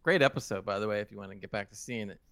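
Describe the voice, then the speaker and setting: A man's voice: lowish voice, very fast, gravelly, a bit bright, no echo. Easygoing man on a dry mic. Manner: easygoing, laughs, recalls older episodes. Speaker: podcast co-host. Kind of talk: casual review chat.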